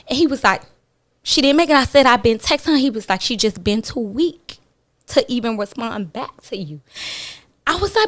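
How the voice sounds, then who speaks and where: A woman's voice: high voice, moderate pace. Blunt woman telling a story on the radio. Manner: animated, acts out other people's lines in her retelling; blunt and candid, with casual swearing. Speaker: radio show guest. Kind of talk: personal storytelling on talk radio.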